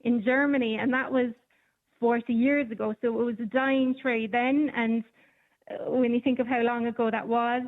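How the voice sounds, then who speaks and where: A woman's voice: fairly high pitch, fairly even intonation, moderate pace. A woman reporter, chatting casually on the radio and telling stories with plenty of ums. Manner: chatty storyteller with many ums. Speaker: newspaper reporter. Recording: phone line.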